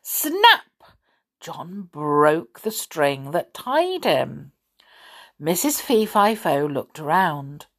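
A woman's voice: sits low, very animated, extremely slow. A woman reading a children's story aloud expressively, with asides to the listener.

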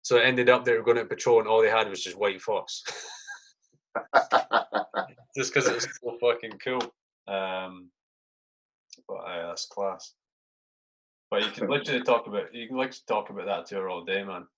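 A man's voice: fairly low pitch, normal speed, long pauses, a bit bright. A man, a soldier, casually telling stories in a podcast chat, swearing constantly and saying mate a lot.

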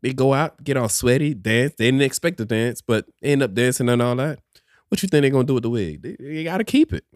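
A podcast co-host chats casually, sounding animated and opinionated. His voice sits at medium pitch and moves fairly quickly, captured in a dry, clean studio recording.

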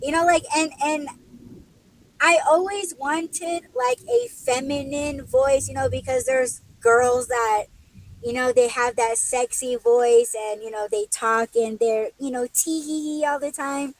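A young woman who hosts a podcast tells casual stories in a high, animated voice while driving deliveries, unhurried and chatty, laughing often and using plenty of fillers. The recording is rough, made in a car with faint vehicle noise underneath.

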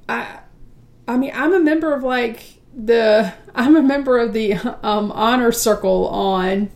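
A woman's voice: medium pitch, darkish tone. A woman from the United States co-hosting a casual book chat, talking with lots of fillers and restarts. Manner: chatty, many fillers and restarts. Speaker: book podcast co-host.

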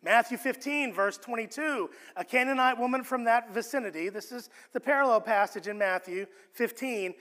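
A man preaching a sermon, earnest and expressive, often restarting his words as he teaches. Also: very high-pitched, normal speed, few pauses, in a large hall. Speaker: pastor.

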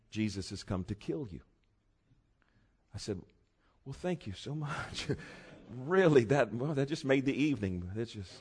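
A man preaching a sermon, telling stories and building to loud, emphatic peaks. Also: lowish voice.

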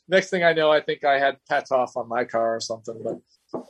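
A man's voice: mid-range voice, brisk. Male racer guest, loose rambling storyteller. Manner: rambling, many restarts, acts out quotes. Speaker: race car driver guest. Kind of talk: casual storytelling interview.

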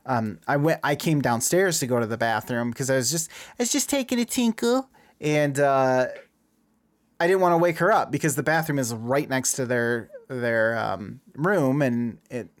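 Man, 30s, casual storyteller, animated, mid-pitched voice. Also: normal speed, no echo. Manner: animated, acts out dialogue in a raised voice.

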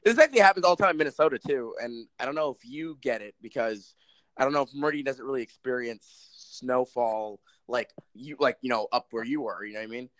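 A man's voice: medium pitch, quick pace, dry recording. A man in his twenties co-hosting a podcast, chatting casually in a rambling, self-deprecating way and laughing often. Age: 20s. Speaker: podcast co-host. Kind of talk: casual chat. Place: Minnesota.

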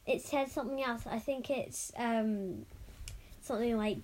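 Sex: woman. Role: podcast co-host. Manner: short interjections. Pitch: high. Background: faint noise. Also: a little slow, a little mellow. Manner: brief interjections and backchannel remarks. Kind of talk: casual chat.

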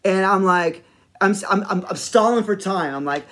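A man's voice: high voice, normal speed. Rambling man telling a personal story. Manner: animated, rambling, many fillers. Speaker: podcast host.

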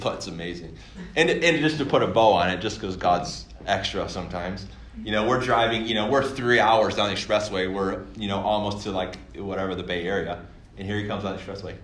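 A young man from Michigan telling a story as a sermon in a church, excited and rambling, with many fillers and restarts. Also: low-pitched. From Michigan, USA. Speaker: guest speaker at a church. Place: church hall. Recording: echoey church hall, faint room noise.

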